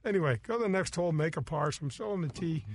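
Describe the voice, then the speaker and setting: A middle-aged man hosting a golf show, telling stories in animated, casual chat, acting out voices and laughing often. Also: a little high, racing, no echo.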